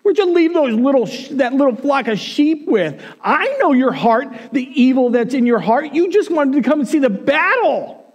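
A man voicing an angry older brother who yells accusations at his little brother. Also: very high voice, big pitch swings, moderate pace, pitched above the performer's own voice. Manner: shouting accusations.

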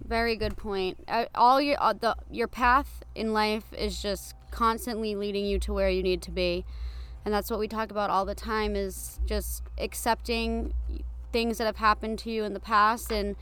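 A woman's voice: mid-range voice, steady tone, moderate pace, a bit bright, clear, resonant tone. A young woman hosting a casual podcast chat, upbeat and agreeable. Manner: upbeat, agreeable, talks of energy and manifesting. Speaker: podcast host.

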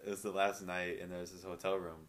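A man's voice: low voice, little pitch movement, quick pace, a bit bright. A young man hosting a podcast, telling stories in a rambling, filler-heavy way. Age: young adult. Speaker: podcast host. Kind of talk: casual storytelling chat.

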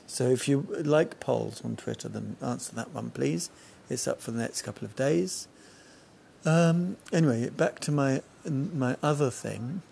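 A man's voice: mid-range voice, unhurried, gravelly, a little mellow, a little hiss or hum. A man hosting a solo podcast outdoors on a balcony, chatting casually and wandering off on tangents. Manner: rambling, jumps between tangents. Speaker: podcast host.

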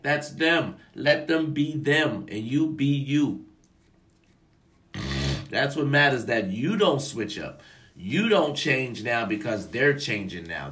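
A young man giving a casual, profane motivational rant to the camera, emphatic and swinging between loud bursts and low asides. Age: young adult. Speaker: vlogger.

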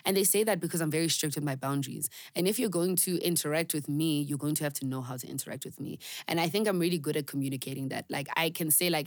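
Earnest woman, low voice. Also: quick pace, few pauses, no room sound, clean studio sound. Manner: earnest, candid, filler-heavy with emphatic repetition. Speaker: podcast host. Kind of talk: reflective personal monologue.

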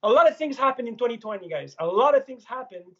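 A man with a Quebec French accent talks casually over a phone held on a gimbal, drifting between French and English. His voice is a little husky, and the line sounds dull and muffled. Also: very high voice, sing-song, quick pace, sharp tone. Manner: switches between French and English mid-sentence. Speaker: remote guest. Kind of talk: casual bilingual chat.

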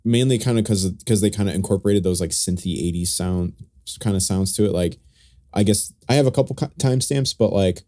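A man's voice: low voice, brisk, dark tone, no echo, studio quality. A man co-hosting a podcast, chatting casually about music with many fillers and restarts. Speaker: podcast co-host. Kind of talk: casual music review chat.

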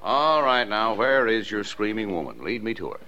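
A man playing an affectionate middle-aged father in a 1950s radio drama, gently teasing. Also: on the low side, big pitch swings, normal speed, a little hiss or hum. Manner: fond, teasing. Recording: dull lo-fi old radio recording.

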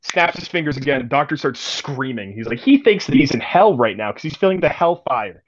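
A young man running a tabletop game, narrating scenes in a loose, filler-heavy, vivid way. His pitch is middling, and the recording is a bit dull and lo-fi. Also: expressive, a little fast. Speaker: game master.

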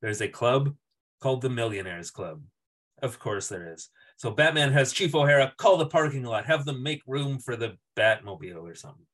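Meet an excitable male podcast host whose steady mid-range voice rises into squeaky character impressions. He narrates the scene in a casual, laughing chat. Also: normal speed. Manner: animated, acts out characters, laughs often. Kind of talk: casual chat recapping a TV episode.

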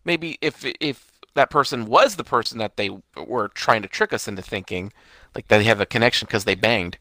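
Male co-host, bright and animated, joking casual talk, dry close sound. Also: lowish voice, normal speed, dry recording. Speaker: podcast co-host. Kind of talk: casual chat about a TV show.

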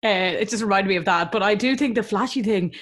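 A woman co-hosts a casual podcast chat and trades teasing remarks with her friends. Her voice sits at a middle pitch. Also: quick pace, fairly bright tone. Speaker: podcast co-host.

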